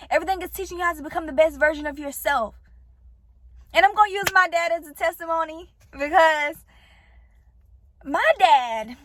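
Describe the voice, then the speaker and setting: Woman w a super high voice preaching to her viewers about faith, earnest, dry close sound. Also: fairly bright tone, no echo. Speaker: vlogger giving encouragement. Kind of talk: motivational faith talk to camera.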